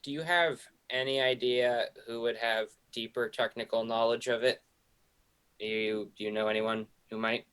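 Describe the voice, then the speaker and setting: A man playing a character in a tabletop role-play, with an insistent, deadpan and sometimes flustered manner. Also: medium pitch, normal speed, clear, resonant tone. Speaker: player.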